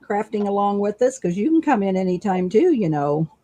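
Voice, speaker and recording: A woman's voice: mid-range voice, sing-song, fairly quick, warm tone. A woman co-hosting a casual craft livestream, talking chattily and filling her sentences with "you know.".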